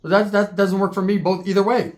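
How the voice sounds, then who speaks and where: Man, casual profane storyteller; slightly raised pitch. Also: little pitch movement, a little fast, darkish tone. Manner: profane, rambling, joking.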